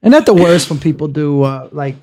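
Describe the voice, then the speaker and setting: A man's voice: fairly high pitch, animated, fairly quick, a little mellow. A man who stutters, chatting as a comedian guest on a podcast, with frequent restarts. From South Florida. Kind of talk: casual podcast chat.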